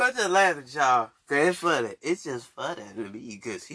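A podcast host with a medium-pitched, husky, sharp voice rants solo in a mocking, boastful way, using street slang and laughing between repeated phrases. He talks at normal speed with hardly any pauses, seated indoors at a stand mic he keeps pulling down, in a dry, studio-quality recording.

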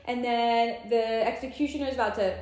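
A young woman co-hosting a podcast, recapping a novel in a casual, animated way and acting out the characters' lines. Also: on the high side, brisk, roomy sound. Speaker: podcast co-host. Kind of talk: casual chat.

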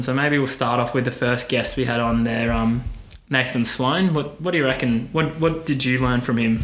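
A man's voice: mid-range voice, fairly bright tone. A man co-hosting a podcast, chatting casually and teasing his co-host with frequent laughs. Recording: roomy echo.

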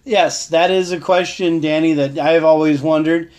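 A man's voice: fairly high pitch, steady tone, moderate pace, darkish tone. A man hosting a casual live stream, rambling about holidays and shopping, greeting viewers by name and laughing often. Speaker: livestream host.

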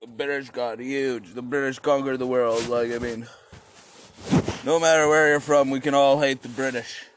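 A man telling history as a rambling, profane comic monologue, acting out quoted voices with sudden high shouts. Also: fairly even intonation, normal speed, noisy background.

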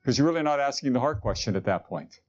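A man's voice: medium pitch, lively intonation, fast, a little mellow. Man preaching a sermon, muffled audio. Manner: earnest, conversational preaching with rhetorical questions. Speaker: pastor.

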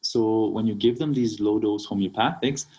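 A man's voice: lowish voice, moderate pace, a little mellow, husky, low-quality recording. A man from Kenya, a naturopathic doctor, explaining remedies as an interview guest and often checking in with "right?". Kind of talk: casual interview talk.

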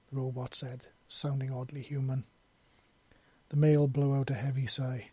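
A man reads his own fan fiction aloud, in a casual and sweary way. His voice is dark and husky, recorded dry and close. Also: mid-range voice, level tone, moderate pace, no echo. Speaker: narrator, podcast author.

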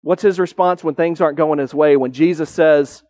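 This pastor has a high, darkish voice and fairly even intonation as he preaches with earnest conviction, raising his pitch on the points he wants to land and slowing down markedly for emphasis. The sermon is recorded close and dry, with no room sound.

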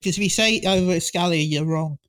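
A man's voice: high-pitched, fast talker, a bit bright. A man chatting on a podcast, adding short, dry remarks. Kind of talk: casual podcast chat.

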